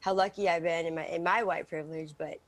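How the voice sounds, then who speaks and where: A woman's voice: fairly low pitch, fast talker. A woman with a lazy Southern drawl, speaking as a guest on a morning TV show. She takes her time with her answers and hedges with fillers before she gets to the point. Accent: Southern American. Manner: lazy drawl, relaxed, hesitant. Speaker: actress and singer guest. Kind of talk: morning TV interview.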